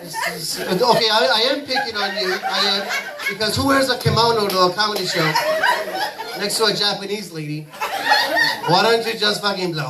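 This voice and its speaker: A man's voice: high voice, moderate pace. A man doing a rambling, crude stand-up comedy set full of profanity on a comedy club stage. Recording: distant mic, noisy live recording.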